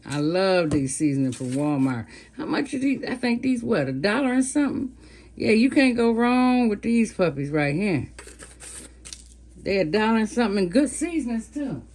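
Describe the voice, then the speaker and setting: Her medium-pitched voice is a bit mellow and sing-song, moving at a moderate pace as this woman over fifty casually talks to viewers in her cooking vlog while seasoning and frying chicken.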